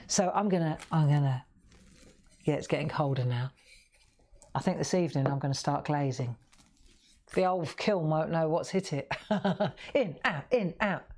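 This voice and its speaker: A low-pitched, slightly mellow female voice leads a live colouring tutorial from a craft room. The host is chatty and demonstrative, talks into a lapel mic, and laughs at herself.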